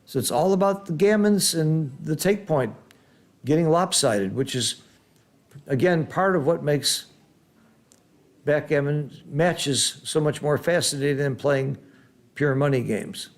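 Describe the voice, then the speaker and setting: A middle-aged man calling a backgammon match, his voice sitting a little high for a man. He swings from gasping excitement at the rolls to patient, teacherly explanation of the strategy. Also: unhurried. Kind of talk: live game commentary.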